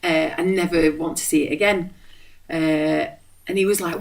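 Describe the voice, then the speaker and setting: Lively English woman telling a story. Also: fairly low pitch, moderate pace, creaky. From England. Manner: animated, laughs often, acts out quoted voices. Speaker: podcast co-host. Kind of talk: casual storytelling chat.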